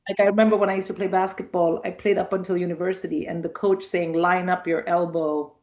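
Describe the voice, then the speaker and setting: Low-voiced middle-aged woman telling stories. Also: fast. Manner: animated anecdotes, acting out quoted voices. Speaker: comedian guest. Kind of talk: casual interview storytelling.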